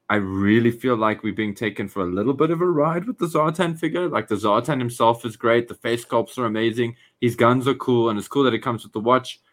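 A man co-hosting a casual podcast, mid-pitched and easygoing. He talks with eager enthusiasm, trailing off and restarting as he goes. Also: a bit bright. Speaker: podcast co-host. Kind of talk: casual chat.

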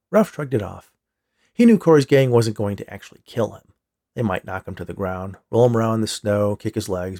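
A man reading a story aloud with a steady storytelling delivery. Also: on the low side, vocal fry. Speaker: story reader. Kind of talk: audiobook narration.

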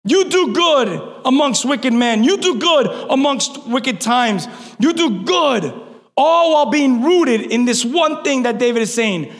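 A male pastor preaching a sermon, fervent, building to shouts and then easing down with self-mocking asides. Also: very high voice. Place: church hall. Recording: long reverb of a large hall.

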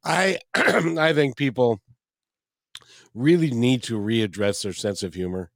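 A man in his sixties talking easily in an interview, halting and repeating his words. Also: medium pitch, gravelly, no echo. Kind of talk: casual interview chat.

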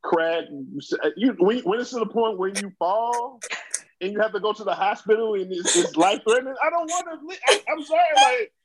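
High-voiced joking man, repeats himself. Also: a little fast, slight background noise, rough recording. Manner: animated, joking, repeats words often. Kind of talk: casual group chat.

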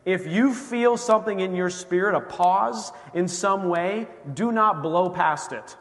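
A man's voice: sits high, unhurried, fairly bright tone, in a large hall. A male pastor preaching a sermon in a conversational way, often acting out quoted voices. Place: church sanctuary.

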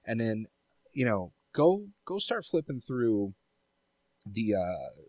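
A man discussing card game strategy in a casual podcast, talking in a measured, analytical way with plenty of ums and caveats. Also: fairly low pitch, sing-song, darkish tone, no echo, highs cut off.

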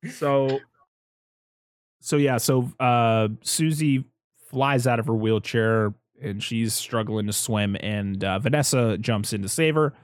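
A man hosting a casual movie review chat, recapping scenes and acting out characters in high voices. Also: takes it slowly, no room sound.

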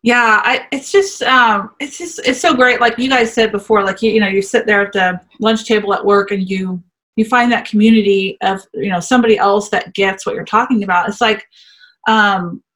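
A woman's voice: medium pitch, a bit bright. Chatty woman podcast host. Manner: chatty, laughs often, many fillers. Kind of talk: casual podcast conversation.

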